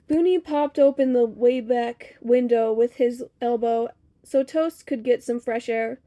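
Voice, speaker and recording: A woman reading a novel chapter aloud in a steady storytelling manner, with small slips now and then. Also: on the high side, unhurried. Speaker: reader.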